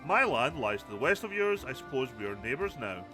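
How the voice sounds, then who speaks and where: A man's voice: medium pitch, big pitch swings, fairly quick, over music, close to an everyday voice. A man reading a smug arrogant baron. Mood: haughty. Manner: haughty, offhand, sneering.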